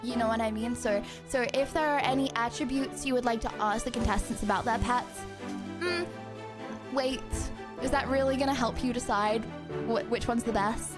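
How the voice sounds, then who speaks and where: A young woman streamer chatting casually with her viewers in an excitable, giggly, rambling way. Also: a little high, normal speed, over music. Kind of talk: casual live-stream chat.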